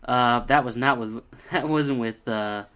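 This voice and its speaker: A man's voice: medium pitch, unhurried, a bit bright. A man giving a casual spoken review, hesitant, with frequent ums and restarts. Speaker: video reviewer.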